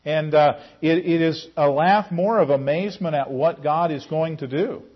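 A man teaching a Bible class in a conversational way, calling on class members by name. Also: normal speed. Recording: muffled low-fidelity recording.

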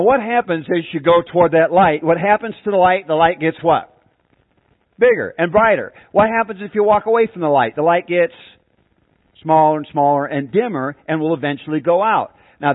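A man preaching a sermon with a dramatic delivery, asking the congregation questions and slowing down for emphasis. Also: fairly high pitch, no echo. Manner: dramatic, shouts out acted cries in an illustration. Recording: tinny phone-like dry sound.

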